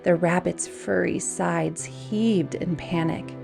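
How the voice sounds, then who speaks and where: Slow, gravelly woman reading a storybook. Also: lowish voice, fairly even intonation, music in the background. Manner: gentle, unhurried read-aloud with soft hushed passages.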